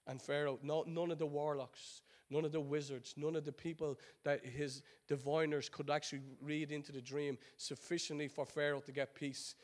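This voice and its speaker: A man's voice: a little high, flat delivery, moderate pace, few pauses. A man preaching a sermon as pastor, building his points with rhetorical questions and repetition, and acting out the voices of the people in his story. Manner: acts out quoted voices of biblical figures.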